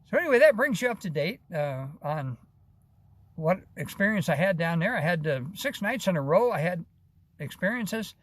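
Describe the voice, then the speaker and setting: A man's voice: high-pitched, big pitch swings, moderate pace. An older American man telling his own experiences in a casual, rambling, folksy way. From United States. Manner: rambling, folksy, many restarts and "you know". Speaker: vlogger. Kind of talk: casual first-person storytelling.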